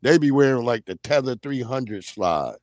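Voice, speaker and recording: Animated, profane New storyteller. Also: male voice, medium pitch, moderate pace, no room sound. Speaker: livestream host. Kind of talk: casual comedic rant.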